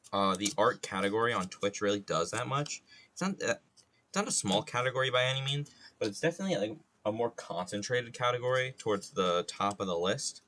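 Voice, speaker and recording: A man's voice: medium pitch, bright, forceful tone. A young man chatting casually and rambling with profanity and jokey asides while he sculpts on an art livestream. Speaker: art streamer.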